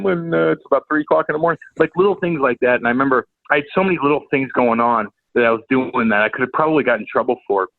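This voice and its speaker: Swearing storyteller on a tinny line. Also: male voice, mid-range voice, no room sound. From St. Louis, USA. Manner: profane, rambling, stammering repeats. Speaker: podcast guest, former hockey enforcer. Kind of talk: casual chat, storytelling. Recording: tinny phone-like line, dry.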